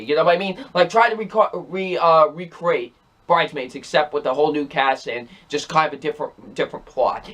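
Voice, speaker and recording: A man's voice: a little high, fairly quick, a bit bright. A young man reviewing movies in a casual, rambling and exasperated way, repeating himself often. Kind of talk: casual ranking video.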